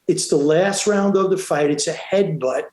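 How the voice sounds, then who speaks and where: A man's voice: on the high side, moderate pace, darkish tone, reverberant. A man, a boxing referee, telling stories in an interview, emphatic and acting out the quotes, with many restarts. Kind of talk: animated storytelling in an interview.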